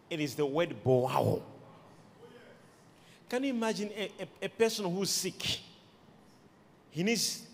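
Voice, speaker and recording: Male preacher, high voice, slow unhurried delivery, long hall reverb. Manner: emphatic preaching with sudden shouted peaks and quiet asides. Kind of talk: sermon.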